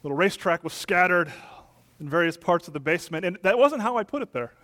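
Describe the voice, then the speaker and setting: A man's voice: sits high, animated, fast. Emphatic male pastor preaching. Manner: emphatic, rising to loud peaks then dropping soft. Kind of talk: sermon.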